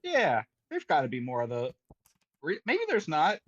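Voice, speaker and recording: A man's voice: a little high, normal speed, no echo, muffled recording. A man appearing as a podcast guest in casual chat, making wry short comments. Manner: lively, wry short interjections.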